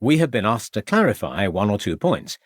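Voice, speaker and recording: A man's voice: fairly low pitch, sing-song, normal speed, breathy edge, dry recording, studio quality. A man voicing a polite, formal and persuasive male police inspector.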